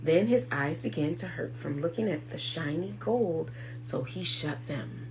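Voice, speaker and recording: Lady reading a kids story, slow and super expressive, bit high, faint hum behind. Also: low-quality recording. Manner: slow, expressive, hushed at calm moments. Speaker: children's circle time host. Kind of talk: reading a storybook aloud to children.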